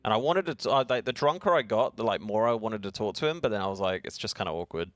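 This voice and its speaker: A man's voice: fairly low pitch, expressive, fast, a bit bright, dry recording, clean studio sound. A young adult man with an Australian accent, co-hosting a live stream in playful, chatty banter. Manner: playful, chatty, laughs often. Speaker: stream co-host. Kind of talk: casual live-stream chat.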